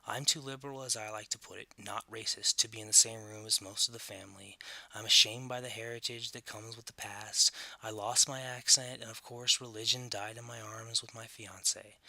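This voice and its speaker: A man's voice: lowish voice, steady tone, a little fast, creaky, pushed and bright, no echo. A man from the Southern United States narrating his own scripted documentary in an earnest, reflective way.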